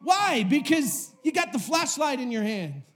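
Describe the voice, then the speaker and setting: A man preaching a sermon to a live audience, impassioned, swinging between shouting and hushed tones, with many rhetorical questions. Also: very high voice, big pitch swings, measured pace.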